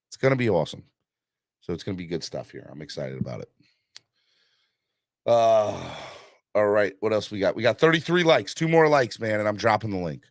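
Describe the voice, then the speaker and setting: A man with a low voice hosts a casual live-stream sports chat. He is hyped and rambles with plenty of fillers while he urges viewers to like and donate. The sound is dry, with no room echo. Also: expressive, moderate pace. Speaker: livestream host.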